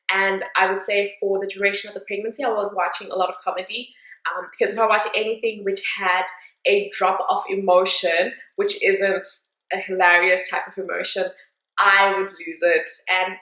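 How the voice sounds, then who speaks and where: A young woman talks to camera in a loose, candid vlog style, dropping plenty of fillers and side remarks. Her voice sits at an ordinary middle pitch for a woman. The room around her is noticeably echoey. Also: a bit bright. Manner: chatty, candid, with frequent fillers and asides. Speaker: vlogger. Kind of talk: casual chat to camera.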